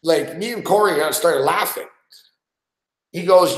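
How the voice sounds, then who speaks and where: A man's voice: on the high side, measured pace, long pauses, reverberant, low-quality recording. A man hosting a sports betting show, telling profane, laughing stories about guests in casual studio banter. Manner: profane, storytelling, laughs often.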